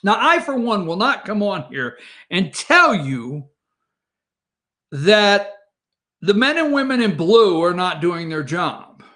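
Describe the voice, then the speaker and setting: Man, morning show host, heated rambling commentary, high voice, swinging wildly in pitch. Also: very animated, takes it slowly, pushed and bright. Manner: heated, rambling, talks straight to viewers. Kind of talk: opinionated political commentary.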